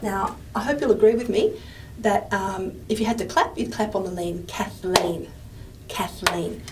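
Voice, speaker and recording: A woman lecturer explaining at a whiteboard in a chatty way, often checking in with "okay?" and filling pauses with "um". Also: medium pitch, animated. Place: classroom. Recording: voice from a distance with faint room noise.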